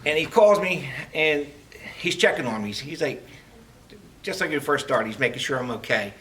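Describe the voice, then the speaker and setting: A middle-aged man giving a heartfelt farewell speech as a retiring police lieutenant, telling stories with halting restarts. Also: on the high side, animated, fairly bright tone. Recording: distant mic, faint background noise.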